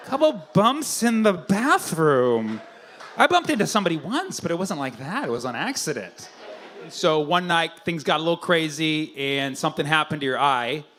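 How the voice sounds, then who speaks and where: A man doing stand-up crowd work, teasing and profane in quick banter with the audience. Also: a little high, fairly bright tone, a little hiss or hum. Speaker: stand-up comedian. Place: comedy club stage.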